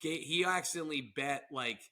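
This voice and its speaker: A man's voice: fairly high pitch, fairly quick, pushed and bright. A man co-hosting a podcast in casual, rambling chat, often breaking into silly put-on voices. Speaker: podcast co-host.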